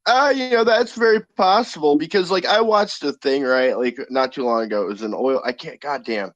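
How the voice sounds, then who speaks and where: A man's voice: a little high, fairly quick, fairly bright tone, dry recording, highs cut off. Rambling, foul-mouthed man on a podcast. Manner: rambling, heavy swearing, lots of fillers. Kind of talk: casual podcast chat.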